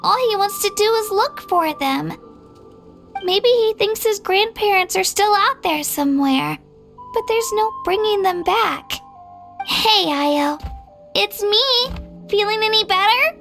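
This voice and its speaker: High, bright game voice for an earnest young girl fighter, heartfelt and gentle. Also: lively intonation, unhurried, creaky, faint music behind, full character voice. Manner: sincere, soft-spoken, heartfelt. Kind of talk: video game voice acting. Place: recording studio.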